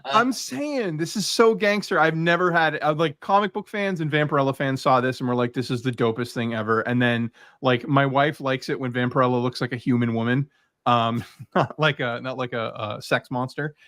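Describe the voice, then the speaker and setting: Regular guy gushing about his collection, lots of ums and restarts, mid pitch. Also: moderate pace, fairly bright tone. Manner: enthusiastic, rambling with fillers. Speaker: guest comic creator showing his collection. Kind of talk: casual video chat.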